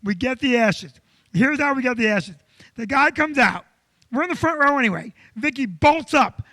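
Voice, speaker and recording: Casting: high-pitched, sharp-toned male comic storyteller, animated and loud. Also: normal speed, no room sound. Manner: animated, loud, acts out quotes. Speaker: comedian co-host.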